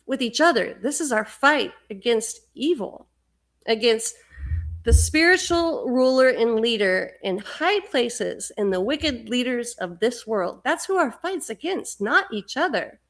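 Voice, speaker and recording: A woman's voice: on the high side, fairly bright tone. A middle-aged woman hosting a livestream, talking fervently in a rambling spiritual monologue and often repeating words. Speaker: livestream host.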